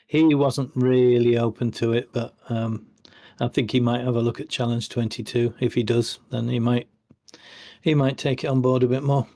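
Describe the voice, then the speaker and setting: A man from the UK chatting calmly and agreeably on a voice call. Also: medium pitch, normal speed. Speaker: outreach caller on a voice chat. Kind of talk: casual chat.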